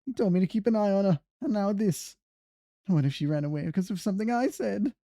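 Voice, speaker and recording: A man doing a fretful high-voiced crab servant. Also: fast talker, warm tone, no room sound, clean studio sound. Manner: high, fretting, worried delivery. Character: fretful male crab court servant, panicky. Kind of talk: reading game cutscene aloud in character.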